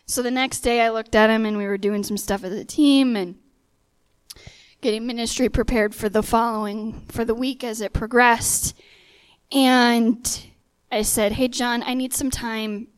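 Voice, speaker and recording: A young woman preaching in a storytelling way, her voice sitting fairly high. She acts out the back-and-forth of her story with lively quoted voices. The sound is close and dry, with no room around it. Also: no room sound. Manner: animated storytelling, acting out dialogue in quoted voices. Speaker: speaker sharing a testimony. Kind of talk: sermon-style storytelling.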